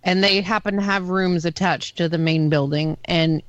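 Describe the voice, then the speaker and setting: A man's voice: high voice, normal speed, highs cut off, a little hiss or hum. A man co-hosting a casual podcast chat, telling stories and acting out the voices of the people in them. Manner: animated storyteller, acts out quoted voices. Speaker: podcast co-host.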